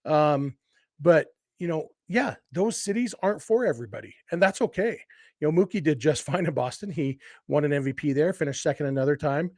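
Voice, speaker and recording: A man hosting a solo sports podcast, with a voice pitched a little above the usual male range. He talks with eager enthusiasm, rambling through restarts and asides. The sound is close and dry, with no room around it. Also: lively intonation, brisk, a little mellow, dry recording. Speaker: podcast host. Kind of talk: casual solo podcast commentary.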